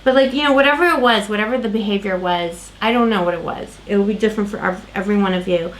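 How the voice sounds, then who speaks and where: Woman, tarot reader, casual rambling talk, fillers, mid pitch, faint hiss. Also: fast talker, poor audio. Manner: rambling, self-interrupting, lots of fillers.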